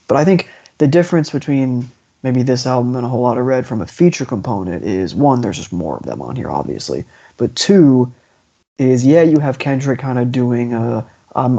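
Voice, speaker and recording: Rambling man with a mellow, muffled voice. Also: medium pitch, gravelly. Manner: rambling, restarts often, enthusiastic. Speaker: podcast host. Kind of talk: casual music discussion. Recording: dull lo-fi podcast audio.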